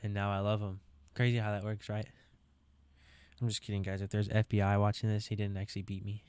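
Young man, drawl, rambling solo podcast chat, smooth clear voice, dry close sound. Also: fairly low pitch, flat delivery, brisk, darkish tone, no echo. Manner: rambling, joking, says dude a lot. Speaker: podcast host. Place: camper.

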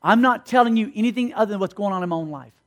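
A man's voice: high-pitched, rapid-fire. A man preaching a sermon, telling stories and acting out the dialogue in different voices. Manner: animated, acts out dialogue in voices. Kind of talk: sermon storytelling.

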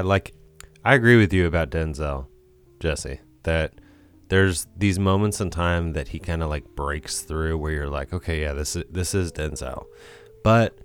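A man co-hosting a podcast in casual movie-review chat, rambling and hesitant, swearing casually. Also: low voice. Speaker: podcast co-host.

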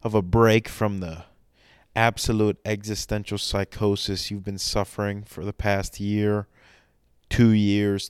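A man's voice: on the low side, clear, resonant tone, dry recording, studio quality. A man in a rambling comedy monologue, talking to his audience in a mock-soothing, sarcastic way, full of restarts.

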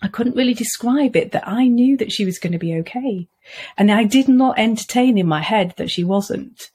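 A woman's voice: a little high, normal speed, a little mellow, slightly rough. A middle-aged woman, an earnest podcast guest who talks reflectively and often laughs. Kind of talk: conversational interview.

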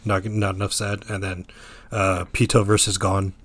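Low, flat-voiced man telling a story. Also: moderate pace, breathy edge. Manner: filler-heavy storytelling. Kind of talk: casual chat.

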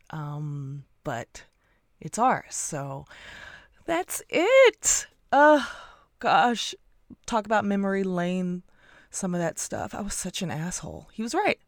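A woman's voice: fairly low pitch, no echo. A woman hosting her podcast, chatting casually and reflectively with her husband, laughing often. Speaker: podcast host.

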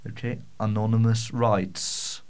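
A man's voice: fairly low pitch, level tone, slow pace, darkish tone, smooth. Stammering, rambling man host. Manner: rambling, self-mocking, frequent stammers and swearing. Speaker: podcast host. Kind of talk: casual solo Q&A chat. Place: small home studio.

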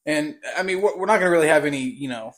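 A man's voice: fairly high pitch, fast talker. A young man co-hosting a casual podcast chat, rambling and repeating his words with a slight stutter. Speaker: podcast co-host.

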